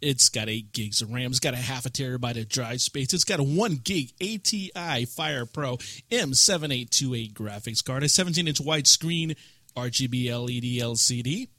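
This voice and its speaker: A man co-hosts a relaxed gaming podcast, talking in a chatty, rambling way. His voice has a bright, forward tone of medium pitch. The studio sound is dry and close. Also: moderate pace, dry recording. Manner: chatty, rambling gamer talk. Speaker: podcast co-host. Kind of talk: casual chat.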